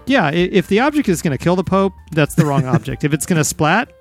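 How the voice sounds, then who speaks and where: A man hosting a casual comedy podcast, with a teasing, deadpan delivery. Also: on the high side, fast talker, faint music behind. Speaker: podcast host.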